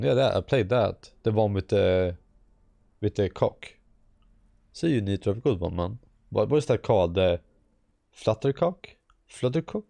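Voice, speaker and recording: Low, gravelly Swedish streamer. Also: male voice, mellow, no room sound. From Sweden. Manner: rambling, profane and amused. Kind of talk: casual live-stream commentary.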